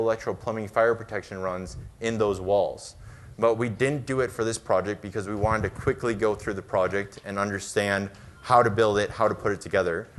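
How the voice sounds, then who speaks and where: A middle-aged American man giving a conference talk over slides, conversational and brisk, with fillers and quick asides. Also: fairly low pitch. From United States. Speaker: conference speaker.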